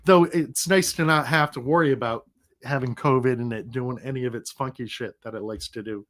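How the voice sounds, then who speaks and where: Middle-aged male stream host, recovering from illness, loose rambling chat, mid-pitched voice. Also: a little fast, fairly bright tone. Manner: rambling, chatty, laughs easily. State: sick, recovering. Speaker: livestream host. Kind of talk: casual livestream chat.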